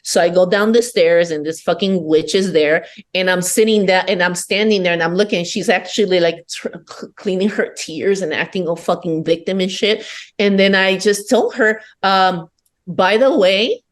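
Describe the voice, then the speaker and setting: A woman's voice: fairly low pitch, steady tone, normal speed. Blunt, profane woman from Peru. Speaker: podcast guest. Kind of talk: candid personal storytelling.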